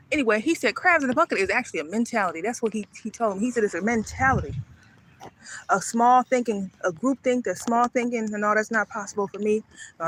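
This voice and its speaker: Fairly high in pitch and a bit bright, this woman's voice comes with a little hiss or hum. Out at night with her dog, she livestreams casually from a handheld phone, talking as she walks, rambling, and stopping to call the dog.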